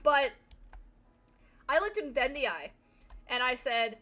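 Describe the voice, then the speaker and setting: A young woman streams and chats casually, her voice bright and a little high. She rambles through a story, packing it with fillers and the odd swear word. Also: big pitch swings, a little slow. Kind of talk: casual chat while streaming a game.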